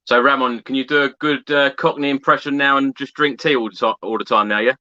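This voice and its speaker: A man's voice: mid-range voice, fairly even intonation, quick pace, pushed and bright, no room sound. A man hosting a podcast, asking questions in a casual, friendly interview. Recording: dry, dull lo-fi sound.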